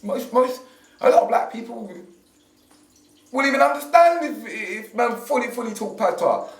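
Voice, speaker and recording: A man's voice: extremely high pitch, normal speed, far from the mic. A man, chatting casually on a podcast, repeating and restarting his words. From England. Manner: animated, slangy, repeats words. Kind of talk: casual chat. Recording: echoey room, away from the mic.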